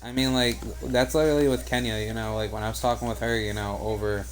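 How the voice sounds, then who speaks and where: Young guy, gamer streamer, rambling live commentary, swears a lot, medium-pitched voice. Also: flat delivery, fast. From United States. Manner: rambling, profane, heavy on "like" and "you know". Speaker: video game streamer. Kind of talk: live gameplay commentary and casual chat.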